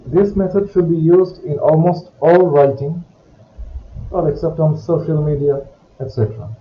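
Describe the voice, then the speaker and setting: Man teaching French grammar, slightly high voice. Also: steady tone. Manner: slow, careful, explanatory delivery. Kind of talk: recorded grammar lesson. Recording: dull, echoey room with faint hiss.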